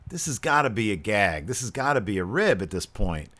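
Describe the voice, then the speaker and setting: A man hosting a podcast in casual chat, retelling events with lively acted-out quotes. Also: lowish voice, brisk. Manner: animated retelling, acts out quotes. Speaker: podcast host.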